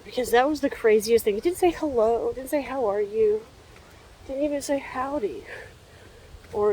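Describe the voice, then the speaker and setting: A woman's voice: a little high, expressive, normal speed, mellow, slight background noise, poor audio. A young woman talking to her phone camera as she walks around a zoo outdoors, rambling and sighing, exhausted. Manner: rambling, tired, sighing often. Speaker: vlogger. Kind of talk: rambling vlog chat. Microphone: handheld phone camera.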